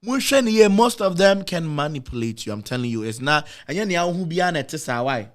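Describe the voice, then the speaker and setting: A Ghanaian-accented man tells an emotional personal story in a very animated, slightly fast voice. He repeats himself, swings his pitch dramatically, and switches between English and Twi phrases.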